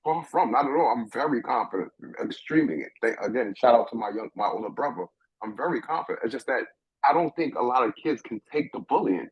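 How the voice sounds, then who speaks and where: A husky middle-aged man from New York tells a personal story with lively, halting energy, circling back over his own words. The sound is dry and close, with a dull, lo-fi edge. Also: mid-range voice, no echo. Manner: animated, restarts often, repeats words while thinking. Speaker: guest.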